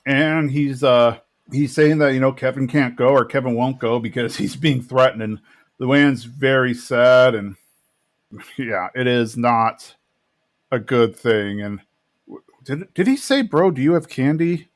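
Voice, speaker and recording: Man, podcast co-host, mid pitch, easygoing recap chat. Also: a little slow. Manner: relaxed, retelling scenes with quoted lines. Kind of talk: casual chat recapping a TV episode.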